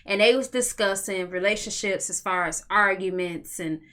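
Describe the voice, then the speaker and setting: A woman co-hosting a podcast in casual chat, loud and animated. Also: medium pitch. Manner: loud, animated, talks fast in bursts. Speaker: podcast co-host.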